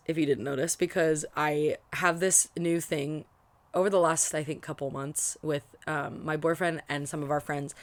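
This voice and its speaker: A woman's voice: deep voice, dry recording. A young woman chatting casually about a book she is reading, rambling with lots of fillers and restarts. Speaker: book vlogger. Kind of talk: casual book reaction chat.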